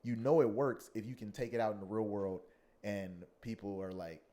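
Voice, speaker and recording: A man's voice: fairly low pitch, moderate pace. A man hosting a podcast, recounting a shared memory with energy and acting out how a crowd reacted. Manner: excitable storyteller, acts out crowd reactions. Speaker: podcast host. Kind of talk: casual podcast interview.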